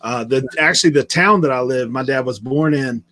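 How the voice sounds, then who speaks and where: A man's voice: medium pitch, a little fast, fairly bright tone. A man from the Outer Banks with a mixed Southern and Outer Banks accent, rambling through stories in a casual live-stream chat. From Outer Banks, North Carolina. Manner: rambling, storytelling, laughs easily.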